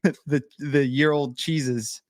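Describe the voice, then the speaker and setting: A man with a mid-range voice tosses off dry, deadpan wisecracks in casual podcast banter. He is recorded close and dry. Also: medium pitch, slow pace, no room sound. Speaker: podcast co-host.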